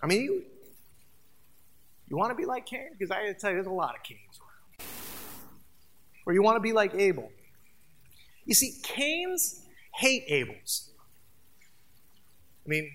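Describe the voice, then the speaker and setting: A bright, forward-sounding pastor in the middle of a sermon. The delivery is emphatic yet conversational, piling up repeated phrases and turning to speak directly to the congregation. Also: mid-range voice, big pitch swings, moderate pace, long pauses.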